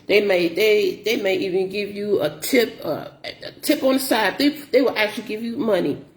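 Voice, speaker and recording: Lady vlogging about delivery customers, kinda gravelly, goes over the same points again and again. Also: medium pitch, normal speed, roomy sound. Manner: animated, repetitive, exasperated retelling. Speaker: grocery delivery shopper. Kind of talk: casual storytelling vlog.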